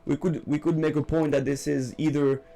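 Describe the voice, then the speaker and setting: A man's voice: a little high, little pitch movement, fairly quick, creaky, dark tone, soft background music. A man from France with a French accent, co-hosting a casual podcast chat in English and thinking aloud with many restarts. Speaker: podcast co-host.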